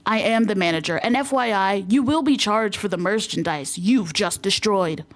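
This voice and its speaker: A woman's voice: medium pitch, moderate pace, natural voice. A woman reading a firm store manager. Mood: stern.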